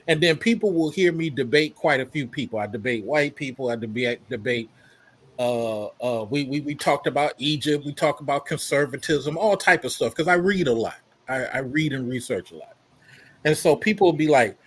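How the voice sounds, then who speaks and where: A man with a husky, slightly raised voice who speaks calmly on a podcast panel. He explains his approach at length and stays measured. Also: fairly high pitch. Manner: calm, laid-back, explains at length. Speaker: podcast guest. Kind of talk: measured debate talk.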